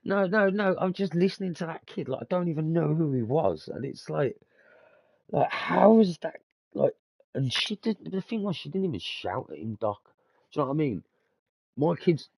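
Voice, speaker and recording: Fairly quick and very animated, this young man's voice sits a little high, with a gravelly, darkish tone on a dry recording. As a podcast host he tells stories casually, laughing a lot, cursing freely, and using slang such as "mate" and "bruv."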